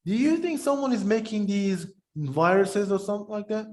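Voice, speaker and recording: A man co-hosting a podcast in casual, rambling chat, animated and talking while eating. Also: sits high, normal speed. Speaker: podcast co-host.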